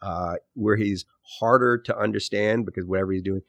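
A man's voice: lowish voice, fairly even intonation, fairly quick, creaky, fairly bright tone, dry recording. A middle-aged man, an author, giving thoughtful interview answers with frequent restarts and self-corrections. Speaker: author and podcast host, guest.

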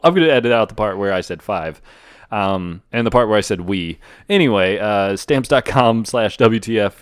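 A man's voice: lowish voice, smooth, no echo, lightly acted. A man putting on a rambling, stressed-out podcast host. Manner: rambling, pompous, halting with fillers. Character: neurotic stressed middle-aged male podcast host.

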